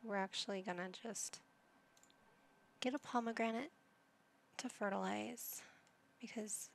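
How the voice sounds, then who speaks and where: A woman's voice: mid-range voice, steady tone, a little slow, vocal fry, a little hiss or hum. A young woman casually commentating a life-sim game, teasing and chatting to her characters. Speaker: gaming channel host. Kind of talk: casual let's-play commentary.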